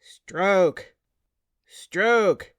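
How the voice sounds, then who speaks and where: A woman's voice: low voice, steady tone, moderate pace, no room sound, studio quality, natural voice. Woman doing a barking Viking skipper. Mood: shouting. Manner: barking orders. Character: gruff male Viking ship skipper.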